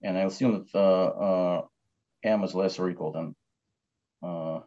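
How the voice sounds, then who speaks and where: Halting low-voiced man giving a lecture. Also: fairly even intonation, warm tone. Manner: halting, many fillers and restarts. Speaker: mathematics lecturer. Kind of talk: academic lecture. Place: lecture hall. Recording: dull lo-fi lecture recording.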